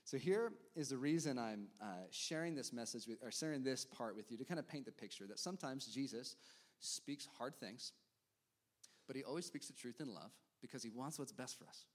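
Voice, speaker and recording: A man preaching a sermon as pastor, talking straight to the congregation and acting out the crowd's reactions. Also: mid-range voice. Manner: animated preaching, quick asides to the congregation, acts out crowd reactions.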